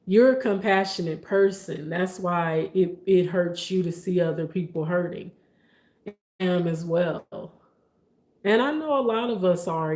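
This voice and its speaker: Mellow, slow-talking woman host. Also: fairly low pitch, roomy sound. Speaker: podcast host. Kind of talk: casual podcast conversation.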